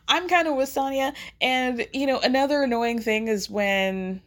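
A woman hosting a podcast in casual chat, chatty and animated, laughing often as she talks. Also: high-pitched, normal speed. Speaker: podcast host recapping a reality show.

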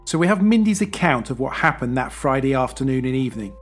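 A man hosting a podcast, narrating in a measured, even storytelling manner. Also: medium pitch, soft background music. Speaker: podcast host. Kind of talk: scripted narration.

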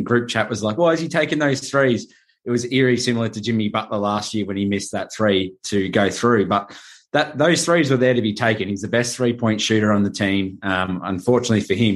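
A man on a casual sports podcast, speaking thoughtfully with many pauses and fillers. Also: on the low side. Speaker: podcast panelist.

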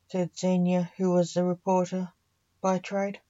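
A woman reading a story aloud in a slow, even storytelling manner. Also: on the low side, lo-fi sound.

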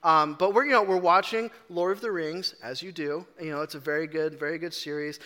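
A man's voice: a little high, fairly even intonation, fairly quick, sharp tone. A man giving a casual, storytelling sermon, chatty and self-deprecating, with frequent ums and restarts. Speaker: preacher. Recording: long reverb of a large hall.

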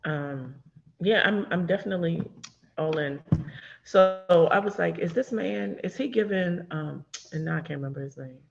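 A speaker in casual chat about a TV show, expressive and swearing freely. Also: medium pitch, moderate pace, creaky, lo-fi sound. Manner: expressive, swearing, laughs and exclaims.

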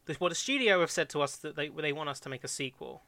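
A man's voice: a little high, animated, quick pace, pushed and bright, no echo. A man chatting casually about film ideas, hesitant with many restarts, a bit phlegmy.

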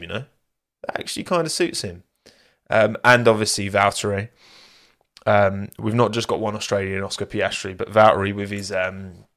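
Chatty man, low rambling voice. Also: fairly bright tone. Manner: rambling, chatty, laughs at own asides. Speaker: podcast host. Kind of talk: casual motorsport chat, live-streamed.

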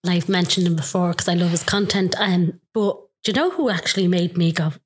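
Husky woman host. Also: on the low side, fairly quick. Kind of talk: casual interview chat.

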